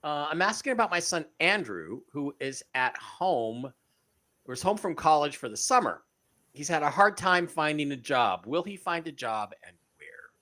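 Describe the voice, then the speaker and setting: Male co-host for a live stream, lively pitch, bright voice, reads out viewer questions. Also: normal speed. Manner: reads donor messages aloud, animated.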